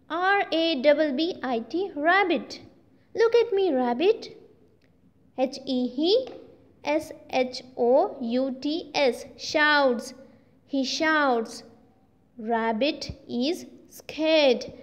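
A woman's voice: sits high, big-room sound. A woman teaching young children, spelling out each word letter by letter and repeating it in a sing-song way. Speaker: primary school teacher.

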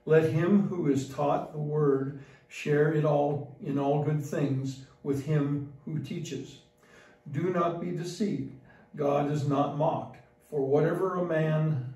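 A man reading an epistle aloud in church, slowly and with occasional restarts. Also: fairly high pitch, dark tone. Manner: slow reading with small slips and restarts. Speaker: epistle reader. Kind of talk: liturgical Bible reading. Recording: echoey church from far off.

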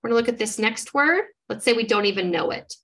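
A woman with a slightly high voice leads a reading lesson, sounding out word parts one step at a time. She keeps an encouraging teacher's manner as she models each step for her listeners. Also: expressive, quick pace, a bit bright. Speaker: literacy trainer. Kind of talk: instructional demonstration.

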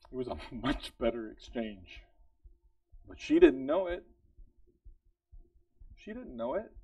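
A man's voice: mid-range voice, vocal fry, darkish tone, dry recording, far from the mic, rough recording. A man preaching a sermon in an earnest, conversational way, often asking his listeners questions and laughing lightly. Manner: earnest, conversational, asks the congregation repeated questions; laughs lightly between points. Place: church service.

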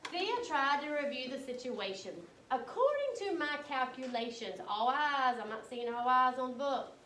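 High-voiced teacher in an echoey classroom. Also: female voice, moderate pace, bright, forceful tone, a little hiss or hum. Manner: instructive, prompting questions. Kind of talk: reading aloud to a class. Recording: echoey room, mic from a distance.

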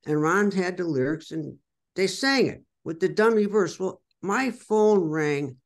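An older man from the United States tells blunt, candid stories in an interview, and his voice has a gravelly edge. He swears freely and keeps slipping into quoted back-and-forth from old conversations. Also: mid-range voice. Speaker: rock guitarist and songwriter, interview guest.

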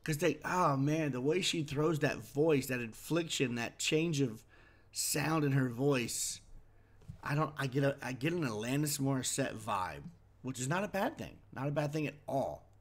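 A man's voice: medium pitch, animated, moderate pace. A man chatting casually as he reacts to a concert video, wondering aloud and easily impressed.

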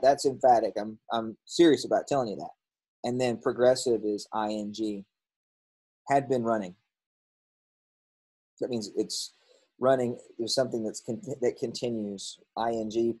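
A male teacher walks through a grammar lesson in a casual, explanatory voice. His tone is a little husky, and he pauses on frequent ums and catches his own slips. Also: fairly low pitch, fairly even intonation, dark tone, rough recording. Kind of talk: recorded classroom lesson.

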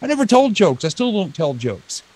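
Animated American man telling stories. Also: high-pitched, moderate pace, a crowd in the background. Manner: animated storyteller, acts out quoted lines. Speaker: guest, motivational speaker and comedian. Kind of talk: storytelling interview chat.

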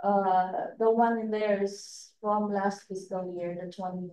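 A woman with a non-native accent presenting at a training session, halting, with many fillers and restarts. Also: mid-range voice, fairly even intonation, dark tone, far from the mic, a little hiss or hum. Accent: non-native English accent. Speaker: state education staff trainer. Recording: echoey room, voice from afar.

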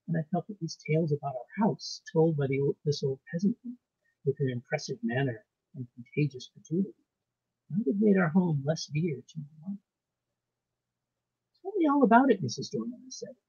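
A man reading a ghost story aloud in a measured, formal storytelling manner. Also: fairly high pitch, animated, dark tone, breathy edge. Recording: dull lo-fi recording.

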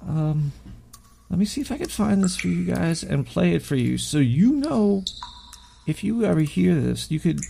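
Gravelly, paranoid-sounding male show host. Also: high voice, sing-song, normal speed, warm tone, slight background noise. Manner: profane, stammering, paranoid. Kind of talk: rambling conspiratorial monologue.

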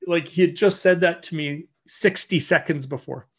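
A man teaching in a church, telling a personal story in a candid sermon style, with some lines dropped to soft murmured prayer. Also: a little high, moderate pace, husky. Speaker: guest teacher.

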